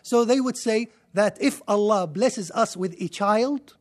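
A man's voice: high voice, measured pace. A man preaching a sermon, impassioned and full of rhetorical questions, his voice rising in bursts. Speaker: Islamic preacher.

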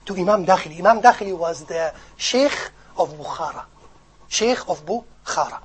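A man giving a sermon, telling stories in an animated, joking way to his audience. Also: high voice, moderate pace, slightly rough, low-quality recording. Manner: animated storytelling with jokes. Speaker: Islamic preacher.

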